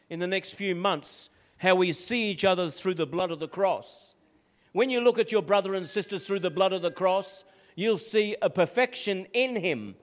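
An older man, a pastor preaching a sermon with emphatic asides and frequent calls of "amen?". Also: sits high.

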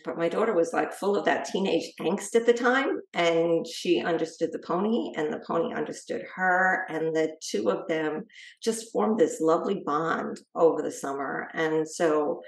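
A middle-aged woman, a guest author, telling a personal story in a lively way and acting out what others said. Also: lowish voice, moderate pace, gravelly. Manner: lively storyteller who acts out quoted speech. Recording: echoey room.

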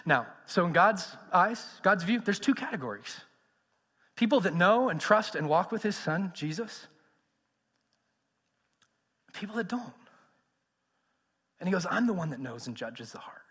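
Animated man preaching in a reverberant hall. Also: high-pitched, measured pace, long pauses, breathy edge. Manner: animated, swings from loud to hushed. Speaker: pastor. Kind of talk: sermon. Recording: long reverb of a large hall.

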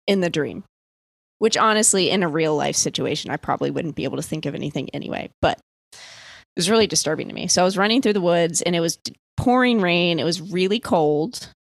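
Casting: young woman from the US East Coast, low-pitched, chatty storyteller, laughs and swears, dry close sound. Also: expressive, fast talker, creaky, no room sound. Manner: chatty, lots of "like", swears, laughs mid-sentence. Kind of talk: casual storytelling among friends.

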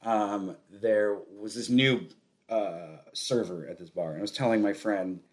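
A man's voice: lowish voice, a little slow. A man co-hosting a podcast, telling a long, rambling story in casual chat, often laughing and restarting his sentences. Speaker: podcast co-host.

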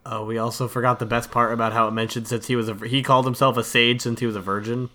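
A man's voice: medium pitch, little pitch movement, fast, sharp tone. A man co-hosting a casual podcast, often restarting his sentences and chiming in with short agreements. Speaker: podcast co-host. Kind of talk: casual chat.

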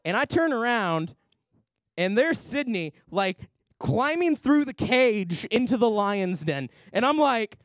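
Animated young pastor, dry sound. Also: male voice, sits high, moderate pace, dry recording. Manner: animated storyteller, acts out voices. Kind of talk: sermon with storytelling. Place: large church worship center.

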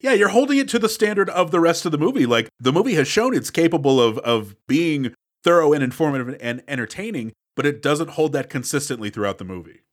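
A man's voice: a little high, sing-song, fast. A man co-hosting a podcast, recapping a film in casual chat with playful, dry jokes. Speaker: podcast co-host. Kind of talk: casual movie-review chat.

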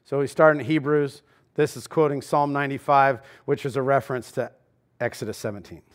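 A male pastor preaching a sermon in a church, talking to the congregation conversationally, swinging between loud emphasis and quiet asides. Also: medium pitch, fairly even intonation, a little fast. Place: church sanctuary.

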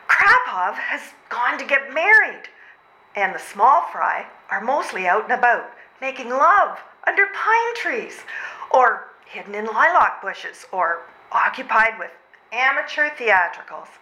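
A woman's voice: on the high side, pushed and bright, full character voice. A woman plays a worn-out, frantic mother and civil servant in a live stage comedy reading, overwrought, sighing and out of breath. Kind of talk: readers' theatre stage comedy. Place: old train station before a live audience. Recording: roomy hall sound.

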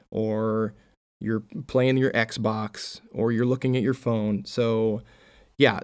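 A man's voice: mid-range voice, clear, resonant tone. A man hosting a solo podcast, chatting casually and reading out posts before giving his own take. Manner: conversational, reads out posts then comments. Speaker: podcast host.

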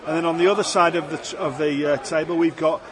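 A man in his fifties talks easily about his stall and his singing, quick to make fun of himself. His voice sits a little high. Crowd noise hums around him outdoors. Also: steady tone. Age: 50s. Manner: chatty, self-deprecating. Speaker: stallholder and amateur singer. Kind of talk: casual interview chat.

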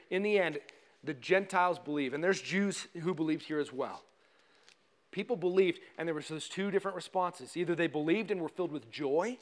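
High-voiced animated male preacher. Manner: animated, laughing often, reading scripture aloud. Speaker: pastor. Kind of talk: sermon. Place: church.

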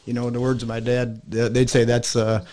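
A man from Michigan, chatting casually as a podcast guest in a rambling, joking way with many halting fillers. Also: medium pitch, monotone, a little mellow, slight background noise. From Michigan, USA. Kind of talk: casual chat.

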